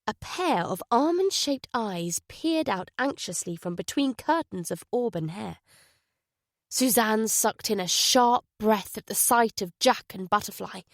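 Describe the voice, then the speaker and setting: A woman narrating a mystery thriller audiobook at a measured pace. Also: mid-range voice, no echo, studio quality. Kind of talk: scripted narration.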